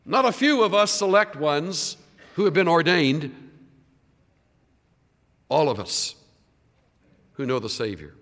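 A man preaching a sermon, swinging from loud, emphatic lines to hushed, quiet ones. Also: a little high, sing-song, measured pace, pauses often, long reverb tail. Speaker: pastor.

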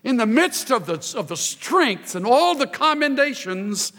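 A man preaching a sermon in an animated, emphatic way, building intensity as he explains a scripture passage. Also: extremely high pitch, a little slow. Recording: reverberant hall.

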